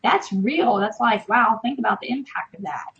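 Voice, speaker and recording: A woman's voice: fairly high pitch, lively intonation, normal speed, a bit bright, dull audio. A woman in her thirties, a guest on a casual live-stream interview, talking with passion and emphasis and swearing freely. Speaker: interview guest, online business marketer. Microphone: video call.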